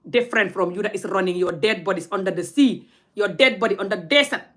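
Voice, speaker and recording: A woman's voice: medium pitch, fast talker, a bit bright. A young woman, scolding her audience in a blunt, heated rant straight to camera. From Gambia. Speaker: vlogger.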